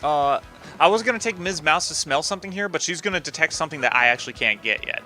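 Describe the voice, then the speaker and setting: A man's voice: fairly high pitch, lively intonation, quick pace, sharp tone, soft background music. A young man casually commenting on a game he is playing, joking and rambling with lots of fillers. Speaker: let's play host.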